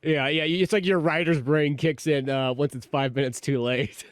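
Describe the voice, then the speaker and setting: A man's voice: on the high side, steady tone, normal speed, clear, resonant tone. A man co-hosting a podcast in casual chat, crude and rambling, often laughing. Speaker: podcast co-host.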